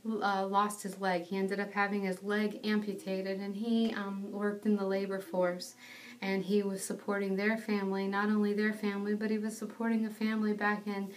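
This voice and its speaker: A woman's voice: medium pitch, flat delivery, moderate pace, distant mic. A young woman giving a personal testimony, telling the story in an earnest, self-deprecating way.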